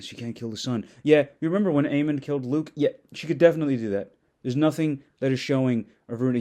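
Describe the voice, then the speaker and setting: A man delivering an exasperated, mocking rant with a lot of swearing. His voice is dark and mellow, and his pitch sits in a plain middle range. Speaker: video commentator. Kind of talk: sarcastic ranting commentary.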